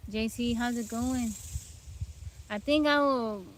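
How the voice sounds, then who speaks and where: A woman's voice: on the high side, takes it slowly, poor audio. Woman host, outdoor phone livestream, laid-back chat greeting viewers, sleepy, bugs buzzing behind her. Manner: relaxed, greets viewers by name. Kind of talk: casual live stream chat. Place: outdoors among trees. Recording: outdoor phone stream with bug noise. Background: insects and outdoor ambience.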